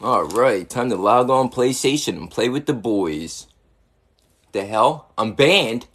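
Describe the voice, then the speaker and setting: A performer voicing a gruff, indignant middle-aged father in a comedy skit, speaking in a grumbling way. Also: medium pitch, expressive, takes it slowly, a bit bright, voice pushed down, full character voice. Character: gruff middle-aged dad, irritated gamer.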